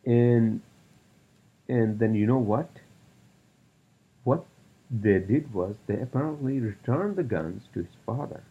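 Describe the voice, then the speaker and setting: A man's voice: medium pitch, lively intonation, slow, long pauses, husky, phone-quality sound. A man hosting a solo podcast, rambling through topics with lots of fillers and profane rants. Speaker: podcast host.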